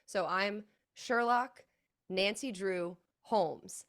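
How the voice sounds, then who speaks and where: A woman's voice: medium pitch, expressive, normal speed. A woman playing at a tabletop game, bubbly and giggly as she introduces her character. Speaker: player.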